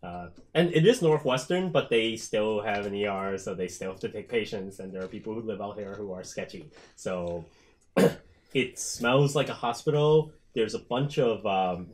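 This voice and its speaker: A man's voice: lowish voice, moderate pace, darkish tone. A man running a tabletop horror game as game master, describing scenes casually with lots of fillers.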